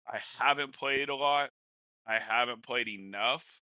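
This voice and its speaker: A man's voice: mid-range voice, measured pace, bright, forceful tone, dry recording, poor audio. A young man hosting a podcast, chatting in a laid-back, rambling way and calling his cohost bro and man. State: has the hiccups. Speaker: podcast host and Madden gamer. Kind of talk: casual podcast chat.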